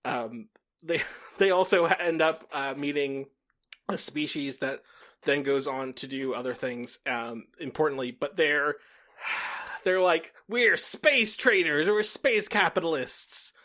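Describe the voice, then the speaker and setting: A man's voice: mid-range voice, slow, a bit bright. A man co-hosting a podcast in casual chat, swearing freely, laughing often and acting out what other people say. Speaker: podcast co-host.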